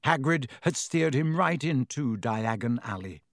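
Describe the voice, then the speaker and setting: A man reading an audiobook in a measured, expressive storytelling manner. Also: mid-range voice, no room sound, studio quality. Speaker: narrator. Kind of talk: audiobook narration.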